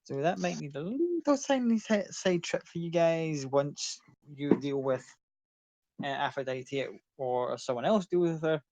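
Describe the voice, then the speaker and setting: A man's voice: on the high side, expressive, measured pace, a little mellow, no room sound. Casual man running a tabletop game. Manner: casual, rambling narration. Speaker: game master.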